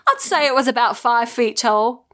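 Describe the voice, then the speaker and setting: A woman's voice: on the high side, animated, moderate pace, sharp tone. A woman voicing an English man who recounts seeing a strange creature, in a wobbly put-on English accent. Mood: spooked. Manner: wobbly, self-mocking.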